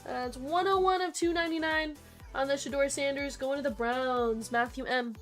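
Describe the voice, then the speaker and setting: A young woman hosting a live card break stream, quickly reading off player names and chatting with viewers. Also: high voice, fairly even intonation. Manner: rapid listing of names, chatty asides to viewers. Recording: faint background music.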